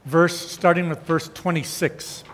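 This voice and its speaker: A man's voice: a little high, steady tone, unhurried, fairly bright tone, long reverb tail. A man giving a conversational sermon as a pastor, often checking in with the congregation by asking "okay?" and "all right?". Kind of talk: sermon with Bible teaching.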